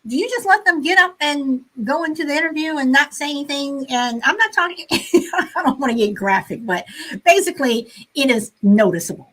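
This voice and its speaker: A woman with a fairly high voice chats on a casual live stream. She talks loosely, with plenty of "um" and "uh", and keeps reading out what viewers write. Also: expressive, moderate pace, fairly bright tone, rough recording. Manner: chatty, reads out viewer comments, many fillers.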